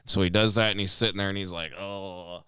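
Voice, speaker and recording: Deep-voiced man telling a rowdy story. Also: racing, clean tone, no room sound, clean studio sound. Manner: animated storyteller, heavy swearing, acts out quotes. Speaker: podcast co-host. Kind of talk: casual storytelling chat.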